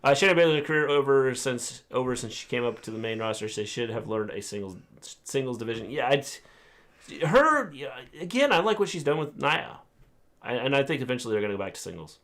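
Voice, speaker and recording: A man's voice: medium pitch, big pitch swings, a bit bright. Man, middle-aged, co-host, casual wrestling chat, joking, reads viewer comments. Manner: joking, drawn-out teasing asides.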